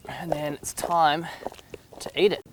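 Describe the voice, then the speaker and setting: A man's voice: a little high, flat delivery, unhurried, a little hiss or hum. A young man hosting a casual cooking demonstration in an upbeat, enthusiastic, chatty way. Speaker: cooking show host. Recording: music playing underneath.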